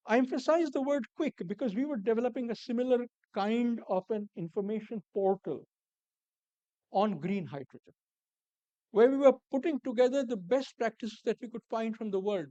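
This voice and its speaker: A man giving a formal conference keynote in a measured, deliberate way, repeating key words for emphasis and dropping the odd dry aside. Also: high voice, a little mellow, no echo, muffled recording. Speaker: keynote speaker. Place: conference hall.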